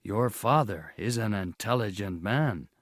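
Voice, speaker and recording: Man reading a wary male captive, subdued, plain, slow audiobook voice. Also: fairly low pitch, animated, dry recording, clean studio sound.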